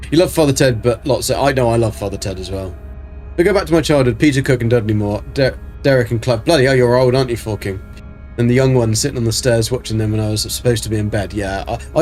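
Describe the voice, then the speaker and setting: A man's voice: medium pitch, quick pace, darkish tone, faint music behind. Chatty man streaming a game. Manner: rambling, many ums, reads chat aloud. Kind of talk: casual live-stream chat.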